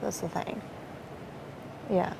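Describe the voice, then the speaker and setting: A woman's voice: slow pace, warm tone, a little hiss or hum, rough recording. A young woman talking strategy in a casual, rambling way, full of fillers and swearing. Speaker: reality show contestant.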